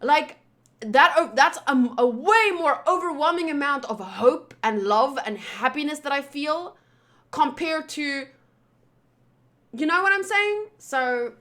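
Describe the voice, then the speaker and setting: A woman's voice: sits high, animated, slow, fairly bright tone. A woman streamer talking casually and rambling, swearing freely as she chats to viewers. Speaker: anime reaction streamer. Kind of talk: casual livestream chat.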